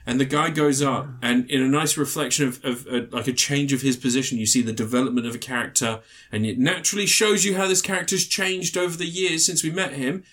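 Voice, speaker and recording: A man's voice: mid-range voice, fairly even intonation, fairly quick, few pauses, a bit bright. A man co-hosting a podcast, reviewing a film in casual, rambling chat and swearing freely. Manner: rambling, swears freely, acts out film characters in mocking voices. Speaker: podcast co-host.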